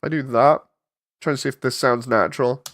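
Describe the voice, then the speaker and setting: A man's voice: medium pitch, steady tone, a little fast, a bit bright. A man with a stuffy, congested voice from a cold, chatting casually and thinking aloud while he edits an animation. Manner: rambling, thinking aloud, with frequent fillers. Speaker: 3D animator and channel host. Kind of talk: casual chat while editing.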